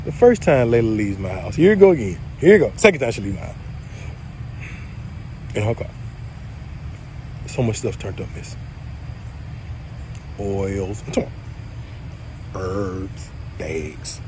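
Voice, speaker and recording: A man casually telling viewers a story, animated and swearing freely, swinging between loud and low. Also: a little slow, pauses often, noisy background. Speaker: spiritual video creator.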